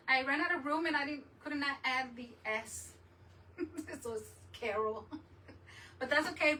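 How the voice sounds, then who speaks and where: Bright, chatty woman a bit off-mic. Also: fairly high pitch, far from the mic, low-quality recording. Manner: rambling, chatty, laughs often. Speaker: crafting channel host. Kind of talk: casual live chat while crafting.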